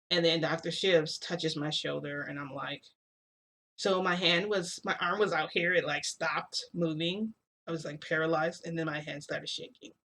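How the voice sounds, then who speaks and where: A woman's voice: sits low, a bit bright, slight background noise. A woman casually telling a long story to her viewers, rambling with many fillers. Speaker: vlogger.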